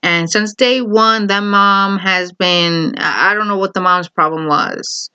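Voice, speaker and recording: A young woman giving her opinion in casual vlog chat, animated and often exclaiming. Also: mid-range voice, measured pace, smooth. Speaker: vlogger. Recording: dull lo-fi recording.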